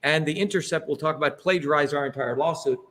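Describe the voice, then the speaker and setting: A man's voice: on the high side, fast talker, fairly bright tone. A middle-aged man giving an emphatic, rhetorical public talk with slides, often checking in with "okay?" and "right?". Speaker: speaker leading a political talk.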